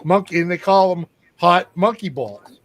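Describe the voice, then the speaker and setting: A man's voice: high-pitched, animated, moderate pace, a crowd in the background. A man hosting a casual stream chat, swearing freely and joking with friends. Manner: profane, laughing, joking. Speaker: stream host.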